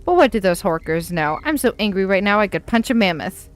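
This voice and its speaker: High, lively fantasy-game Nord maiden, adventurous and quick to anger as a woman puts her on. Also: soft background music, close to an everyday voice. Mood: spirited. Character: cheerful adventurous young Nord woman, hot-tempered. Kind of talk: reading a game letter aloud.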